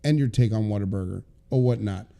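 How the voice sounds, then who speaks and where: A man from New York City hosting a live chat show, loud and joking as he teases his co-host and callers. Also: fairly low pitch, fairly quick, gravelly.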